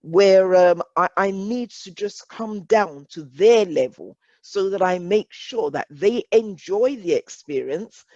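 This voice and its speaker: A woman with an English accent presenting an online workshop, measured and deliberate, repeating phrases for emphasis. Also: mid-range voice, expressive, darkish tone, no room sound, highs cut off.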